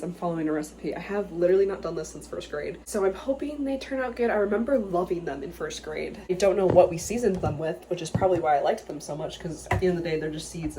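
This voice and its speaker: A young woman, chatting casually and warmly in a home vlog. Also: fairly low pitch, a little hiss or hum. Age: young adult. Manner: chatty, upbeat, sentimental. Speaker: vlogger. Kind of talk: casual chat. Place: at home, apartment.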